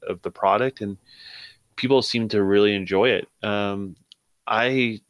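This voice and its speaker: A man speaks in a measured, thoughtful way on a gaming chat panel, hedging his views. His voice is fairly low and steady. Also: dry recording, muffled recording.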